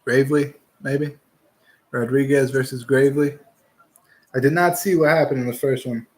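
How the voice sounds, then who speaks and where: A man's voice: mid-range voice, steady tone, normal speed, a little mellow. Blunt, profane young man talking fights. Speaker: podcast host giving fight picks. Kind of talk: casual fight talk.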